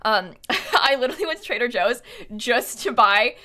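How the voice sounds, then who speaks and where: A young woman streaming from her room, talking in a loose, rambling way. Her voice sits a little high and sounds bright and forward. She giggles often and keeps apologizing as she chats. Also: lively intonation, normal speed, faint music behind. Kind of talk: casual live-stream chat.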